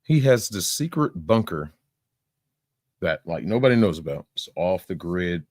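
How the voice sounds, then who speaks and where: Low-voiced guy rambling and cussing through his reaction stream, dry close sound. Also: animated, moderate pace, a little mellow, dry recording. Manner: rambling, profane, laughing, with sound-effect fillers. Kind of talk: casual commentary.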